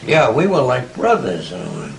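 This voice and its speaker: A man's voice: medium pitch, wildly swooping pitch, normal speed, vocal fry, crowd noise, low-quality recording. A man in his eighties, answering interview questions with reflective stories and chuckling asides. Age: 80s. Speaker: interviewee, writer. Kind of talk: conversational interview, storytelling.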